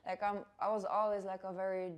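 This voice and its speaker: A young woman from Germany, a guest artist chatting casually in an interview, lively and mixing in patois. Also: mid-range voice, fairly quick. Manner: lively, laughing, mixes in patois.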